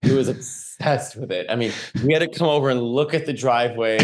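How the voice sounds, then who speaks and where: A man, a comedian guest, telling rambling, animated stories on a casual podcast, swearing freely. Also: mid-range voice, brisk, hardly any pauses, a little hiss or hum.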